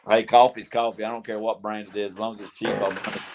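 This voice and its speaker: An older man hosts a relaxed group chat on a live stream. He tells stories in a folksy way and breaks into laughter often. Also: fairly low pitch, fast, background noise.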